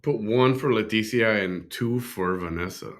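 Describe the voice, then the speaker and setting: A man with a very deep voice hosts a reaction show. He comments in a relaxed, chatty way and often searches for words with fillers. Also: moderate pace. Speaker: reaction video host. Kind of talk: casual commentary.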